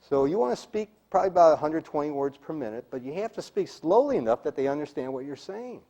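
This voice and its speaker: A man's voice: a little high, animated, fast talker, mellow. A middle-aged man giving a speaking-skills seminar to a live group, emphatic and demonstrative, sometimes dropping to a whisper to make a point. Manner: emphatic, demonstrates delivery, drops to a whisper for effect. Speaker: speaking coach.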